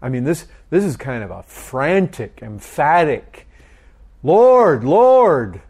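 A man's voice: medium pitch, very animated, creaky, husky. A middle-aged man leading a group Bible study, asking questions and often repeating his words. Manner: slow, questioning, repeats phrases.

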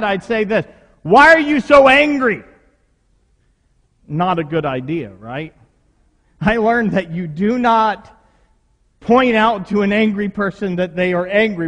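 A man's voice: high-pitched, a bit bright. A man preaching a sermon, talking conversationally with rhetorical questions to his congregation in a church. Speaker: pastor. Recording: long reverb of a hall.

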